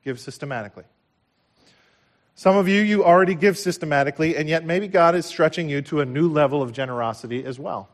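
A male pastor delivering a sermon in a slightly raised voice. He preaches with passion, rising to loud declarations and dropping to near-hushed lines. He repeats key phrases for emphasis. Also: a little high, fast talker. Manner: impassioned preaching with big swings from loud to hushed.

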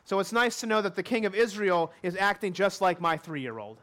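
High-voiced man preaching a sermon. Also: animated, a little fast, a bit bright. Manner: expository preaching with repeated key lines and acted quotes. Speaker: pastor.

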